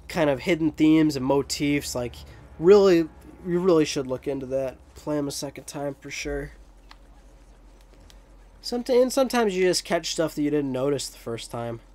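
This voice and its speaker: A man's voice: mid-range voice, darkish tone. A young man giving rambling, joking commentary over gameplay, with profane asides. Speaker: let's play commentator.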